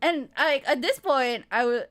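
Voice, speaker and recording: A woman streamer telling a story in casual chat, animated, laughing often and swearing freely. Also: high-pitched, a little slow, soft background music.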